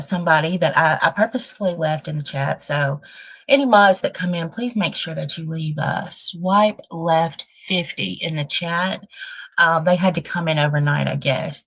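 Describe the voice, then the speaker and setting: A woman hosting a casual livestream with a dry throat, talking bluntly and thinking out loud as she rambles. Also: lowish voice. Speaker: livestream host.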